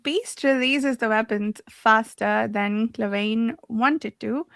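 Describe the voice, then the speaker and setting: A woman leading a casual book club discussion, chatty and quick to laugh, often correcting herself mid-sentence. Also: a little high, vocal fry, a bit bright, dry recording.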